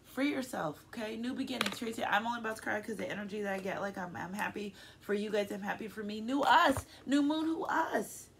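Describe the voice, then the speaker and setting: A woman reads tarot casually for her viewers in a medium-pitched, fairly bright, creaky voice, talking fast with a steady tone and few pauses, a little hiss or hum behind her. She's effusive and loving, frequently emotional, and chattily checks in with "okay?"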